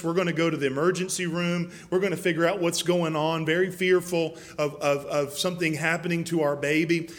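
A man's voice: fairly high pitch, fairly bright tone. A man preaching a sermon as pastor in a church, earnest and impassioned, often repeating words as he goes.

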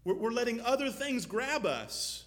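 A man preaching a sermon as pastor, moving from low, measured teaching to loud, fervent exhortation. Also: very animated. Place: church.

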